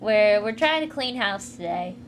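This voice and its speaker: A woman's voice: mid-range voice, lively intonation, measured pace, a little hiss or hum. A woman on a livestream, chatting casually and giggling while she reads comics and thanks donors. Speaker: streamer reading comics aloud. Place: home room. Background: faint music, dryer running.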